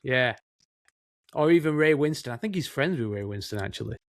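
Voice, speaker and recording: A chatty Northern English man talks films in a loose, rambling way, his pitch sitting in an ordinary middle range. The sound is dry and close, with no room around it. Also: expressive, a little fast, dry recording. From Northern England. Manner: chatty, rambling, says mate often. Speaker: co-host, film production assistant. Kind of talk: casual film chat.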